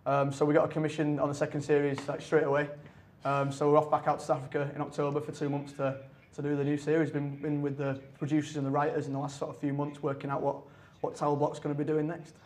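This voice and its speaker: Young man, rapid and slightly high-pitched, laughing restarts. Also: monotone, a little mellow. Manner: quick, laughing banter with frequent restarts. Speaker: actor guest. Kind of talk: casual chat.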